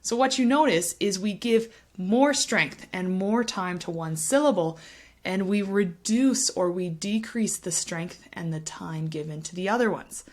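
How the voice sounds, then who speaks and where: A woman teaching English pronunciation to camera, speaking clearly and patiently and tapping out rhythms to demonstrate. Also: medium pitch, measured pace. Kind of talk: explaining a language lesson to camera.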